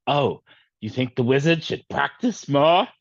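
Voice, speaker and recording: A man's voice: mid-range voice, expressive, unhurried, no echo, dull audio, pitched above the performer's own voice. A man voicing a one-eyed sinister man who speaks in a sly, mocking way.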